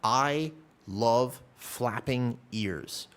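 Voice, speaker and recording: A man's voice: mid-range voice, extremely slow, a bit bright, clear, resonant tone. A man streaming, chatting casually with viewers, rambling and self-deprecating, swearing casually.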